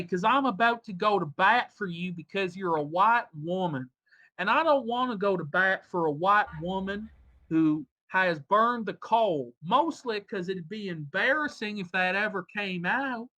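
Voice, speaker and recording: A man's voice: high-pitched, pushed and bright, voice pushed up. A man putting on a Southern accent to read a pushy man coaxing a woman in a chat. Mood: insistent. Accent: put-on American Southern.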